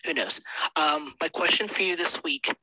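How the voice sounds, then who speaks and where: Bright-voiced man leaving a voice message. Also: on the high side, moderate pace, husky, no room sound, poor audio. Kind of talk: recorded voice message.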